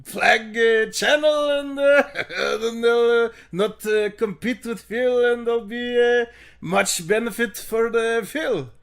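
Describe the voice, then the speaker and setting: A man doing a slow, halting guy full of fillers. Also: very high-pitched, vocal fry, a bit bright, clear, resonant tone, exaggerated voice. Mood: mocking. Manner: mocking impression of the other speaker.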